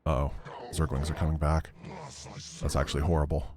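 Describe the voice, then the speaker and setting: A man's voice: very deep voice, level tone, fairly quick, crowd noise. A man streaming a strategy game, talking through his plans and breaking into frustrated outbursts when things go wrong. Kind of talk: live gameplay commentary.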